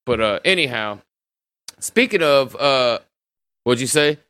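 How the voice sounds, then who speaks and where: Bright-voiced, crisp male podcast host. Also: mid-range voice, expressive, measured pace, no room sound, studio quality. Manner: profane, rambling, loose. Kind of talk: casual livestream conversation.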